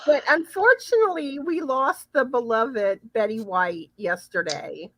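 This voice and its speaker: A woman hosts a casual live chat, repeating her first words as she gets going. She talks slowly with a lively, animated lilt, a little higher than most women. The sound is dry and close, with no room behind it. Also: no echo. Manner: chatty, repeats words when starting sentences. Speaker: livestream host.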